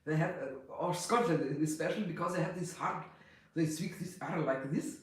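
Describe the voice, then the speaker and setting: A woman's voice: lowish voice, normal speed. A woman with a German accent, a non-native English speaker, hosting a casual livestream chat with viewers, rambling and laughing often. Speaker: livestream host. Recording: very echoey room.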